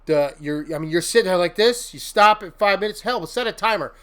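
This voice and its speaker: A man's voice: sits high, animated, fairly quick, few pauses, a bit bright, smooth. Rambling, laughing man giving life advice. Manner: rambling, laughs often, mock-venting with silly fake curses. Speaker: host. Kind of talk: casual motivational livestream chat.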